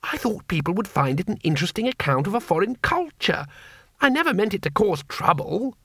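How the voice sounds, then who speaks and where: A man's voice: high-pitched, sing-song, fairly quick, a bit bright, slightly rough, dry recording, clean studio sound, pitched above the performer's own voice, heavily acted. A man doing Twoflower, a fretful tourist. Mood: earnest. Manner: apologetic, mild and earnest. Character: timid, fretful male tourist.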